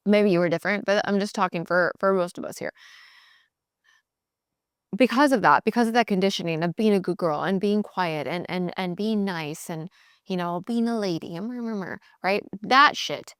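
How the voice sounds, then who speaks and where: A woman hosting a podcast, giving blunt, animated sales coaching in a casual motivational talk. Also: mid-range voice, moderate pace, clean tone, dry recording, studio quality. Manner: blunt, animated, mimics voices in quotes.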